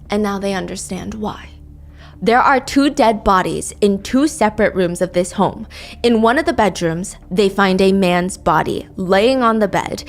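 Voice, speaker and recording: A woman with a medium-pitched voice narrates a true crime case. She dwells on grisly details and reads quotes out as she tells it.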